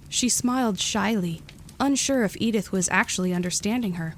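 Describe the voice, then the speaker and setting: A woman narrating a gentle storybook tale in a calm, even reading. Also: medium pitch, normal speed, slight background noise.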